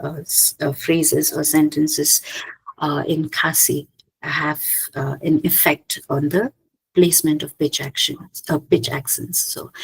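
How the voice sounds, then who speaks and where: A woman giving an academic slide presentation, hesitant, often pausing with "okay" and restarting her phrases. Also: low-pitched, creaky, breathy edge, rough recording. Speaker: conference presenter.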